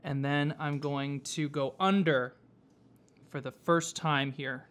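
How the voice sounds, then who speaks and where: Male craft instructor, unhurried, patient, chatty step-by-step delivery. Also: fairly high pitch, fairly even intonation, a bit bright. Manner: slow, patient step-by-step explaining with fillers. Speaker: whipmaking instructor. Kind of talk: hands-on craft tutorial. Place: workshop.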